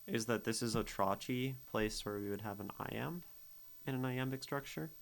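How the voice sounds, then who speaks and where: Over a rough recording, a male streamer analyzes poetry in a relaxed way, reading lines aloud while thinking through their rhythms and syllables. He speaks at a normal pace with a medium-pitched, gravelly, slightly bright voice.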